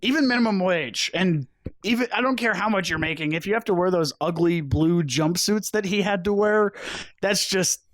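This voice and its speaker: A man's voice: sits high, moderate pace, a bit bright, no echo. A young man co-hosting a podcast, rambling through a movie recap with sarcastic, crude jokes. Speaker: podcast co-host. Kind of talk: casual chat.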